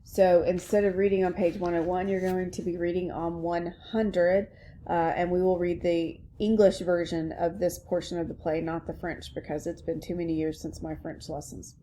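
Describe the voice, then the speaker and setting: A woman's voice: on the low side, flat delivery, normal speed, dark tone, slight background noise. A woman teacher reading a play aloud to her class and explaining it in a casual, chatty way.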